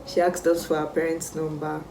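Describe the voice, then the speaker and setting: A young Nigerian woman telling a casual storytime vlog, animated and exclamatory. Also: deep voice, moderate pace, recorded from a distance, noisy background. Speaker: vlogger. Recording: roomy sound, mic set back.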